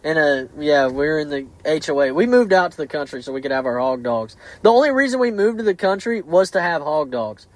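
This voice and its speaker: A man hosting a podcast, telling stories in an animated, profane way with many restarts. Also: on the high side, brisk, hardly any pauses, no room sound, low-quality recording. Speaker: podcast host. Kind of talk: casual podcast chat.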